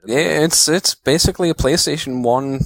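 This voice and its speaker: A man's voice: a little high, moderate pace, gravelly, a bit bright, no room sound. A man from Britain co-hosting a casual podcast chat, joking and laughing often. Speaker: podcast co-host.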